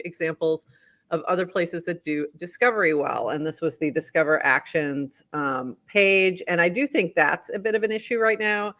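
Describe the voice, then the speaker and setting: Bright, chatty podcast host with a Boston accent. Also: mid-range voice. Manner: upbeat, chatty, laughs easily. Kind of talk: casual podcast chat, reading posts aloud.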